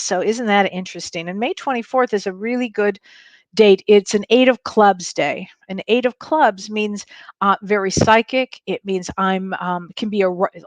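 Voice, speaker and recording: A woman's voice: mid-range voice, no echo. A woman who is a spiritual medium, hosting a live-stream show in a casual chat style, bubbly and greeting viewers by name with frequent laughs.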